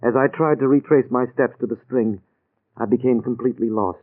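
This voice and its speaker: An actor playing a nervous, shaken husband recovering in hospital, in 1940s radio acting. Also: male voice, medium pitch, a little fast, lightly acted. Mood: anxious. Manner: nervous, apologetic. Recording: tinny old radio recording.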